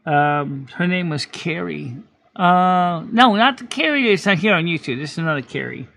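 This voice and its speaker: A man's voice: a little high, lively intonation, moderate pace, gravelly, fairly bright tone, no room sound. A man hosting a live stream in casual chat, rambling with many restarts and self-corrections.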